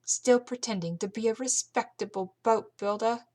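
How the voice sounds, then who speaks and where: Casting: a spirited, scared woman with a French accent, quick and scornful, read by a woman in a storybook. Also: a little high, warm tone, dry recording, pitched above the performer's own voice, natural voice. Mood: anxious. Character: frightened woman from France, spirited and blunt.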